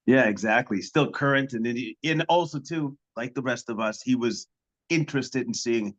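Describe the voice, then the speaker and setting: A man's voice: medium pitch, moderate pace, muffled recording. A man co-hosting a sports podcast, chatting casually and agreeing with his partner. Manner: agreeing, short backchannel replies.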